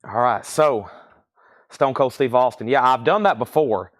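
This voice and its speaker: A man's voice: mid-range voice, measured pace. A young man hosting a live vinyl sale stream, chatting casually and rambling while reading out titles and prices.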